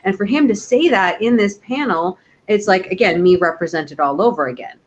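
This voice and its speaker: A woman's voice: medium pitch, normal speed. Eager woman co-host, muffled lo-fi recording. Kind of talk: casual chat. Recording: dull lo-fi audio.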